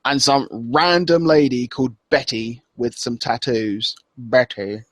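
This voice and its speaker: A man co-hosting a casual podcast, rambling through a recap and slipping into quick impressions. His voice sits at an ordinary middle pitch. The recording is close and dry, with no room sound. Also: a bit bright, no echo. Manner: loose and rambling, acts out wrestlers' lines with laughs. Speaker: podcast co-host. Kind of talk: casual chat.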